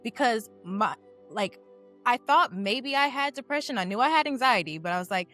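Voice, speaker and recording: Over soft background music, a young adult woman chats as a panelist on a game aftershow. Her voice is on the high side and fairly bright, with lively intonation at a normal speed. She's candid and casual, saying "like" a lot.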